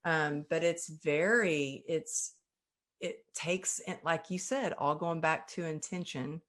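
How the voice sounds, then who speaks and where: A woman's voice: on the low side, measured pace, a bit bright. A woman hosting a podcast interview, talking in an effusive, emotional and casual way. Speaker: podcast host.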